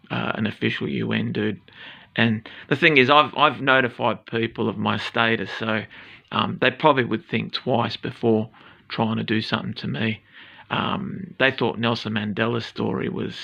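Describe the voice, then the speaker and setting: A rambling Australian man in his forties speaks to camera with a gravelly, tense edge. He swears freely and drifts through fillers and restarts. The recording sounds dull and lo-fi. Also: medium pitch, bright, forceful tone. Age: 40s. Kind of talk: casual address to camera.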